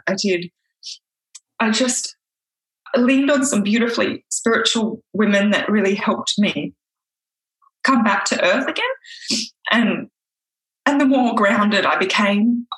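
A woman, telling an emotional personal story in a halting way, restarting and searching for words. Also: mid-range voice, a bit bright, poor audio.

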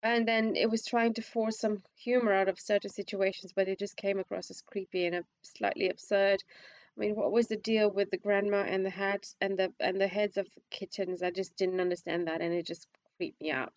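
A woman with a squeaky voice talks through her opinion of a film in a loose, conversational way. She stumbles and restarts often, and her voice climbs when she presses a point. The recording is dry and a little dull. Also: little pitch movement, brisk, no echo. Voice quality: self-described squeaky voice. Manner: hesitant, restarts often, rises in pitch when emphatic. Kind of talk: casual film review chat.

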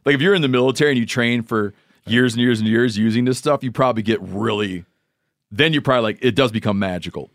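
A man hosting a podcast in casual conversation, thinking out loud and acting out imagined scenes. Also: medium pitch, quick pace, no room sound, clean studio sound. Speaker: podcast host.

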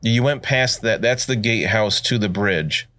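A man running a tabletop game as game master, explaining the scene in a relaxed, meandering way full of fillers. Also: lowish voice, normal speed.

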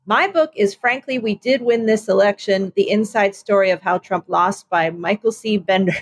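A woman co-hosting a podcast in casual chat, telling stories in an animated, self-mocking way. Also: medium pitch, normal speed, no echo. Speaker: podcast co-host.

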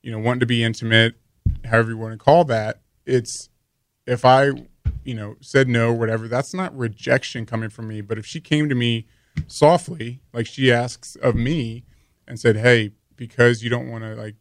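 A man's voice: medium pitch, fairly even intonation, moderate pace, dry recording. Man, podcast guest, heartfelt and rambling, dry close sound. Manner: open, rambling, heartfelt, with many fillers. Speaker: guest, husband. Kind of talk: casual podcast conversation.

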